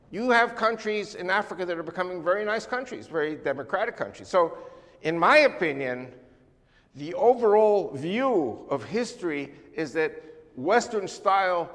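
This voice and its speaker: A man's voice: high voice, big-room sound. Older man lecturing in a church. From United States. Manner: emphatic, animated lecturing with sweeping lists. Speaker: guest speaker. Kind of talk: church talk on world politics.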